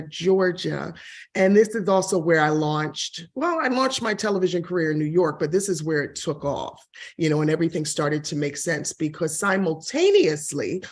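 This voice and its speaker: A woman in her forties, a real estate broker and TV host, telling her career story in an interview, expressive and quick to laugh. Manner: expressive, laughs often, shifts pitch when quoting others. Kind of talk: interview answer, personal story.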